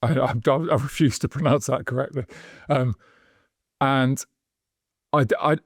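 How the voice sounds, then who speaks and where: A man's voice: mid-range voice, fairly even intonation, measured pace, husky, no room sound. Guy with a dry wry tone chatting on a podcast, close dead mic. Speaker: podcast co-host. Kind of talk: casual chat.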